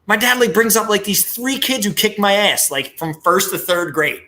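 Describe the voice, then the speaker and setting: A man, hosting a podcast and telling a story in lively casual chat, swearing freely. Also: high-pitched, normal speed. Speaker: podcast host.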